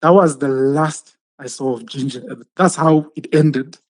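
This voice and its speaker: A man's voice: medium pitch, fairly even intonation, measured pace, darkish tone. A man telling a story in casual chat, acting out the quotes and laughing often. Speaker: podcast host telling a story.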